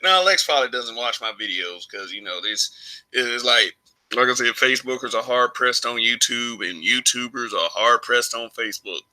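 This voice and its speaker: Bright-voiced man ranting casually. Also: medium pitch, normal speed, low-quality recording. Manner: rambling, frequent restarts and laughs. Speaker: YouTube commentator. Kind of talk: casual opinion monologue.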